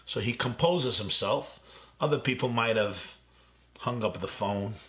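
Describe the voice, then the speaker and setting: A man's voice: mid-range voice, measured pace, a bit bright. A male rabbi telling a vivid story in a speech to college students, quoting the people in it.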